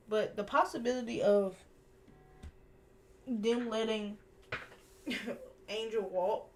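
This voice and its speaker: A young woman streaming while she draws, ranting casually in an animated, slangy way and laughing often. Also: mid-range voice, a little hiss or hum. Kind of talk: casual rant while drawing.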